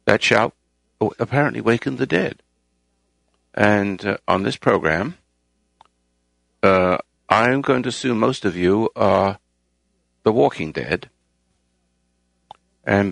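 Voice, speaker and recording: A man's voice: lowish voice, gravelly, a bit bright, no room sound. A man hosting a talk program, delivering a rambling, moralizing monologue and raising his voice to stress points. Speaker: radio show host.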